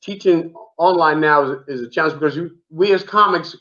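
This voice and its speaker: Animated storytelling man on lo-fi audio. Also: a little high, a little fast. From the Bronx, New York. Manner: animated, repetitive storyteller saying "man" a lot. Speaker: comedian guest. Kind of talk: casual storytelling chat. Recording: dull lo-fi remote audio.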